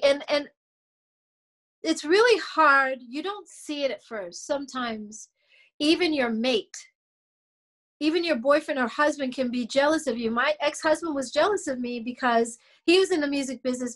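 Woman, middle-aged, high-pitched, candid interview guest, emphatic, blunt. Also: moderate pace, fairly bright tone. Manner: emphatic, blunt, swears freely, acts out quotes.

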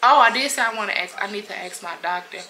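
A woman's voice: medium pitch, fast talker, sharp tone, slight background noise, low-quality recording. A woman chatting candidly to camera as a lifestyle vlogger, often calling her viewers y'all. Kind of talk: casual chat to camera.

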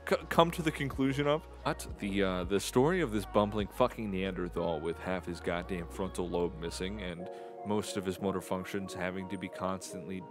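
A young man giving angry, profane commentary on a video clip, exasperated and ranting. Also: low-pitched. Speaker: commentary YouTuber.

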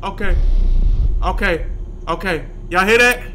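A young man playing a horror game on a desk mic, jumpy and yelling in slang. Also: sits high, measured pace, slight background noise. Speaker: gaming YouTuber. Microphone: desk microphone.

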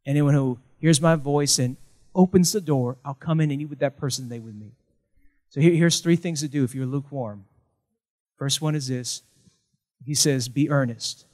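A middle-aged pastor preaches an animated sermon, leading chants and call-and-response with his congregation. His voice is mid-range and his pace moderate.

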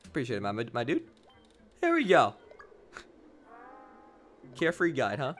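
A man's voice: mid-range voice, wildly swooping pitch, unhurried, a bit bright, soft background music. Sarcastic man streaming a game. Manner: mocking, sarcastic, laughs a lot. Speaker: gaming streamer. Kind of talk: let's play commentary.

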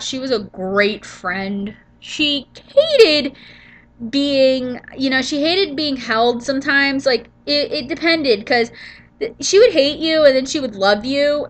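A worn-out woman talks over her game in a loose, rambling voiceover, her voice pitched a little high. She is sniffly from allergies and yawns as she drifts between thoughts. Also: takes it slowly, a bit bright. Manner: rambling, yawning, trailing off. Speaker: gaming channel host. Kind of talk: casual gameplay voiceover.

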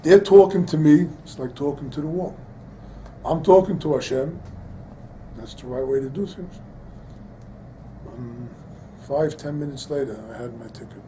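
The older rabbi's voice here is a little high and warm, at normal speed with frequent pauses, on a low-quality recording with some hiss or hum. Teaching a Torah class, he tells a personal story, then preaches with growing emphasis, mixing in Hebrew and Yiddish-tinged terms.

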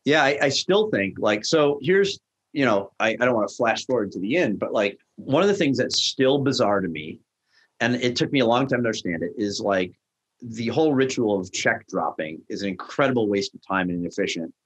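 This husky, brisk man in middle age, founder of a restaurant tech business, uses lively intonation as he tells anecdotes in a podcast interview. Whenever he quotes someone, he plays the part, his pitch jumping up and down.

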